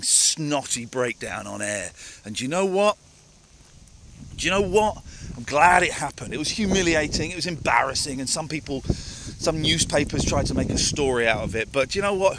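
Out of breath from walking uphill, a man live-streams from a rural hill walk, answering viewers in a candid, emphatic way and repeating phrases for effect. His mid-range voice is a bit bright, with a little hiss or hum in the audio.

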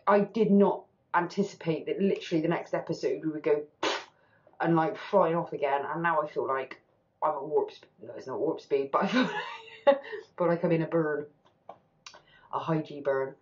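A woman's voice: sits low, moderate pace, darkish tone, dull audio, a little hiss or hum. A woman hosting a TV reaction channel, talking candidly and with animation, swearing casually as she reacts.

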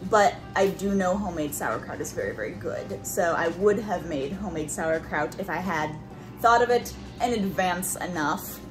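A woman's voice: on the low side, expressive, moderate pace, over music. A woman vlogger cooking in a home kitchen, chatting casually as she explains each step plainly.

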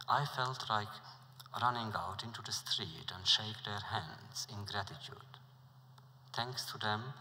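A middle-aged man giving a lecture, telling a story in a measured, deliberate way. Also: fairly low pitch, sharp tone. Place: lecture hall before an audience. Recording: reverberant lecture hall.

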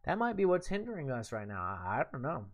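A man streaming a game live, tipsy and swearing loudly at the boss as he comments on his play. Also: mid-range voice, huge pitch swings, quick pace. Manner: profane, yelling and cursing at the game. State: tipsy from drinks and smoking.

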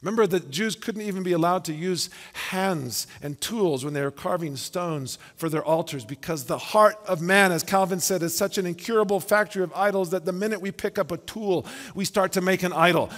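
In a church sanctuary with long hall reverb, a male pastor preaches emphatically, repeating words and posing rhetorical questions to build his points. His voice is high and fairly bright, and he talks fairly quickly with hardly any pauses.

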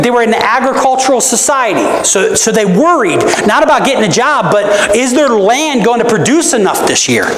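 A lively pastor delivers a sermon in a church sanctuary, preaching conversationally and emphatically with rhetorical questions, often asking the audience "right?" His voice is medium-pitched, and the recording has roomy church echo plus a little hiss or hum.

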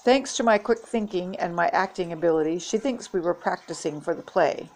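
A woman's voice: lowish voice, a little fast, darkish tone. An older woman reading a storybook aloud, voicing a boastful young schoolboy close to her own voice.

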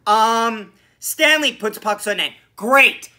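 A man hosting a solo hockey podcast, ranting about a loss with sarcasm and swearing, a bit hoarse from screaming. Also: high-pitched, normal speed. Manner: animated, swearing, frustrated, sarcastic. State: losing his voice from screaming. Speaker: podcast host. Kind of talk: solo sports reaction rant.

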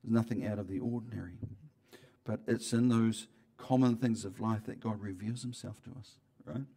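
A man preaching a sermon in church, talking conversationally with frequent restarts and swings between loud emphasis and quiet asides. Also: on the low side, steady tone, moderate pace. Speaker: pastor.

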